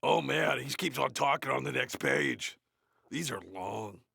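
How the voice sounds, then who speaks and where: Cartoon role: a gruff, crude metal frontman with a sore throat, low gravelly growl, husky. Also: a little slow, bright, forceful tone, no room sound, studio quality, exaggerated voice. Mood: bored. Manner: bored, crude, swearing, mumbling asides. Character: gruff, grumbling male death metal frontman. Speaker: reader of a play. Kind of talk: comedic in-character reading.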